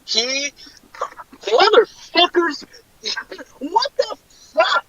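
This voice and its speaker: A man with a high voice speaks slowly in a frustrated wrestling promo, sounding exasperated and disbelieving. The audio is dull and lo-fi, and the sound is dry and close. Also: big pitch swings, vocal fry, bright, forceful tone, dry recording. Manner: slow, exasperated, incredulous.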